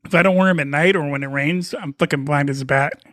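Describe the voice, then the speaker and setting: A man with a high, bright voice co-hosts a casual podcast, chatting loosely and laughing often. His voice is recorded dry and close, with no room sound at all. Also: quick pace, no echo. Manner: joking, laughs often, mock movie-trailer bits. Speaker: podcast co-host. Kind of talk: casual chat.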